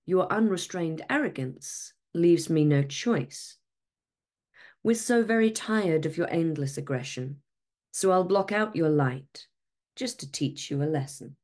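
A woman voicing a small, kind and brave female Moon in a storybook reading, speaking in a sweet, gentle voice. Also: low-pitched, lively intonation, a little slow. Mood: calm resolve. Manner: sweet, gentle, soft-spoken. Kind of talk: storybook read-aloud.

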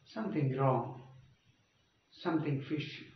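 A man's voice: fairly high pitch, measured pace. A man giving a grammar lecture in a classroom, often stopping to check that listeners follow. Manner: checks understanding with frequent rhetorical prompts. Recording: echoey, dull room sound from far off.

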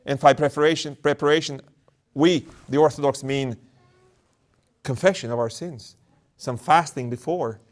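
A man, an Orthodox priest, delivering a sermon and often repeating words as he works through a thought. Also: mid-range voice.

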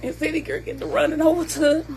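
A woman's voice: high-pitched, little pitch movement, fast, gravelly, a little mellow, slight background noise. A woman from the States, telling an emotional personal story and emphatically asking "you hear me?" as she goes. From Southern United States.

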